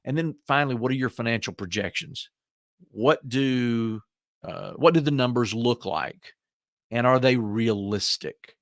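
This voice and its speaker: A man's voice: medium pitch, unhurried, no echo, studio quality. A man with a rural American accent giving a folksy business training lecture, asking rhetorical questions and repeating key points. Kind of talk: instructional lecture.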